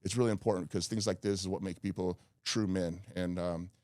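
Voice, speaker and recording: Stammering fast-talking man, low voice. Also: steady tone, a little mellow, no room sound, clean studio sound. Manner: stammering, heated restarts. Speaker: guest. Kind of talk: candid podcast conversation. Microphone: studio mic.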